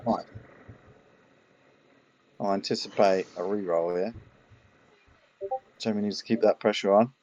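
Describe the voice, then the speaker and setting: Man, london accent, low voice, card game commentary, punning, lo-fi stream sound. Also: fairly even intonation, unhurried, pauses often, a little mellow. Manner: jokey, punning. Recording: dull lo-fi stream audio.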